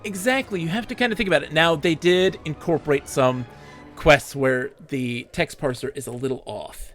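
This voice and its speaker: A man's voice: fairly high pitch, moderate pace, fairly bright tone, soft background music. A young man streaming a game, chatting enthusiastically and rambling with frequent laughs. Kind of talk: casual live-stream game commentary.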